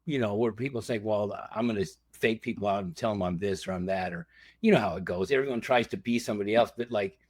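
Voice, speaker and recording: Lively storytelling man, dry sound. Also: on the low side, fast talker, no echo. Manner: lively, acts out other people's lines with laughter. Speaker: guest, former reality show contestant. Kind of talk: casual storytelling chat.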